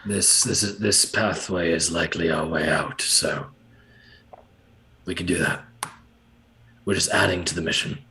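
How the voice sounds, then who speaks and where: A man taking part in a tabletop game with a very deep voice. He talks hesitantly, often restarting his sentences before getting his point out. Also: steady tone, a little slow, pauses often, bright, forceful tone, slight background noise. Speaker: player.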